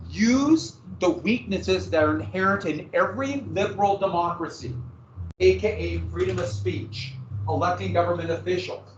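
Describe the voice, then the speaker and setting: A male history teacher lecturing a class in a lively manner, with sarcastic asides to his students. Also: high-pitched, a little hiss or hum. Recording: echoey, distant, dull classroom recording.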